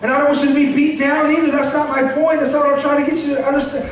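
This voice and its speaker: A man preaching a sermon as pastor, earnest and emotional, with bursts of shouting and laughter. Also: extremely high pitch, level tone, rapid-fire. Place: church sanctuary. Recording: echoey church recorded from far off.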